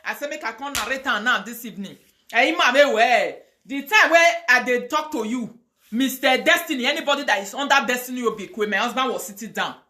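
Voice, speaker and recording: A woman's voice: a little high, animated, fairly quick, bright, forceful tone. A woman with a Nigerian accent ranting on a live video, mixing pidgin, chanting curses and prayers with fire. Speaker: online video host.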